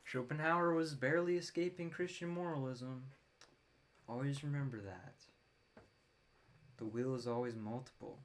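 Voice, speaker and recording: This young woman, hosting her own podcast solo, has a bass voice and a moderate pace with frequent pauses. Her casual talk turns into a profane rant broken up by wry laughs.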